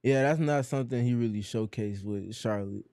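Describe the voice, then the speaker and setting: A calm man co-hosts a live game watch-along, weighing each play with measured comments. His tone is mellow and warm. The sound is dry and close. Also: medium pitch, dry recording. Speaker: co-host.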